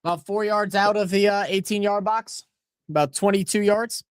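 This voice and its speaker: A New Orleans man hosts a watch-along, rambling, swearing and getting excitable as he casually talks over a live match and tells stories. His voice sits high at a moderate pace, recorded with no echo at studio quality.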